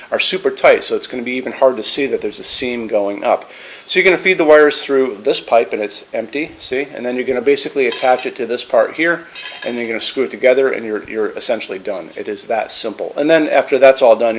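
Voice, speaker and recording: Male product presenter, casual and eager, restarts often, mid pitch, faint kitchen clatter behind. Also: slight background noise. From United States. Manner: casual, enthusiastic, many fillers and restarts. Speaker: lighting store presenter. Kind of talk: product demonstration.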